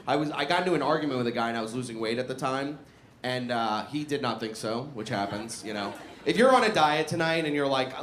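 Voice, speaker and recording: A young man delivers a profane stand-up set in a slightly high, very lively voice, often laughing as he talks. The room is echoey and audience noise is clearly heard. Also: fairly quick. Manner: profane, animated, laughing through punchlines. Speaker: stand-up comedian. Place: comedy club in a barbershop.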